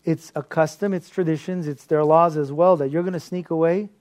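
A man preaching a sermon as a pastor, telling stories in an animated way and laughing often. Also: a little high, brisk. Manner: animated storytelling with frequent laughter.

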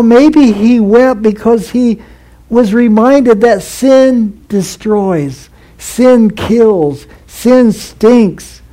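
Slow, mellow-voiced male preacher. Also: high-pitched, poor audio. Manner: earnest, measured preaching with repeated phrases. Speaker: pastor. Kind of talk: sermon.

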